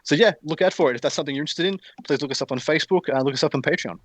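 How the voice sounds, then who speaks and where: A man's voice: a little high, very fast, a bit bright, no room sound. A man with an Australian accent, a guest content creator talking earnestly and easily in a casual podcast chat.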